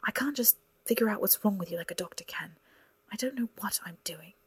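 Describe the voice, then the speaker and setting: A woman's voice: medium pitch, expressive, a little fast, husky, dry recording. A woman reading a hurt young woman healer who speaks sharply and bitingly. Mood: insistent. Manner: sharp, biting, rising to a shout. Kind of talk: audiobook character reading.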